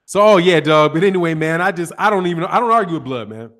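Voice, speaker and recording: A man's voice: on the high side, lively intonation, quick pace, fairly bright tone. A man from the North Side of Chicago with a Chicago accent, hosting a boxing channel live stream, talking loosely in slang and greeting chat viewers by name.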